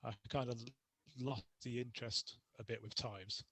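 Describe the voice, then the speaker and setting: A man's voice: medium pitch, steady tone, moderate pace, fairly bright tone. A young man talking as a guest on a casual podcast, spinning anecdotes in a chatty way and laughing easily. His voice sits in an ordinary middle range, and the sound is dry, with no room echo. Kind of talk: casual interview chat.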